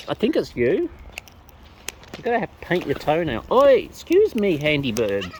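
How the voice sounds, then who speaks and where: A woman outdoors chatting playfully to wild birds, her greetings jumping into squeaky high hellos, recorded on a phone. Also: sing-song, a little slow, noisy background. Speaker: vlogger feeding wild birds. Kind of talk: casual chat to birds. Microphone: phone camera.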